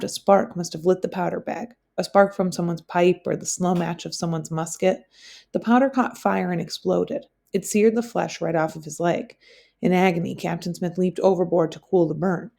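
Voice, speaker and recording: A woman teacher reading a novel aloud for her class, in a plain, steady way with occasional slips. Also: on the low side, creaky.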